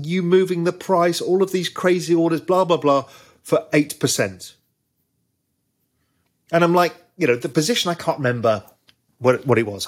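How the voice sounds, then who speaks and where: A man, a former trader, telling a long anecdote in an interview with quick asides. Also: on the high side, slightly rough. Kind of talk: storytelling interview.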